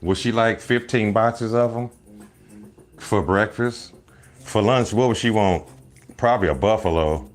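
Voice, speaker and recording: Low-voiced guy goofing around on a live stream, loud teasing jokes, faint music behind. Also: measured pace, long pauses. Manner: loud joking rambles, bursts of laughter, mock voices. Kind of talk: casual comedic live stream chat.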